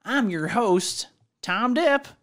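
A man playing a loud, excitable radio game show host in an improvised comedy sketch. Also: extremely high pitch, slow pace, pitched above the performer's own voice, exaggerated voice. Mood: showy. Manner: yelling, hammy announcer delivery.

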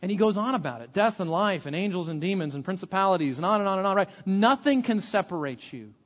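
A man's voice: sits high, animated, fast, long reverb tail, dull audio. A man preaching a sermon as pastor, earnest, often repeating words as he starts a sentence.

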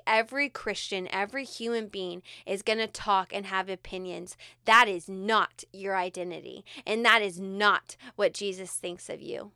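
A woman co-hosting a podcast, leading a guided prayer meditation in a soft-spoken, earnest way. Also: mid-range voice, normal speed, hardly any pauses, clear, resonant tone, no room sound, studio quality. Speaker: podcast co-host.

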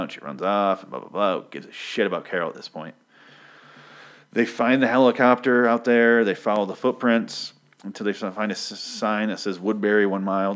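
A man casually recapping a comic book, sarcastic, rambling and swearing freely. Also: low voice.

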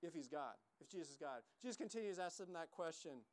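A man's voice: fairly high pitch, animated, quick pace, no echo. A man preaching a sermon, emphatic and repetitive, acting out quoted lines as he teaches. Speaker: pastor.

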